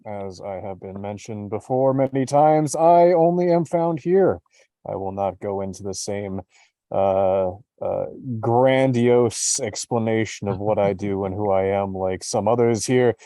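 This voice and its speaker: Dry, mock-solemn man with a dark voice. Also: on the low side, lively intonation, measured pace, dry recording. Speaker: player. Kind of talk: casual introduction.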